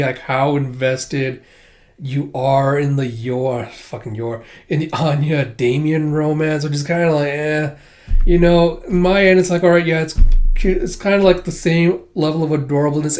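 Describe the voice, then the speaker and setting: A man's voice: fairly high pitch, darkish tone. A man giving a casual, rambling manga review, full of fillers and the odd swear. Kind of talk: casual commentary.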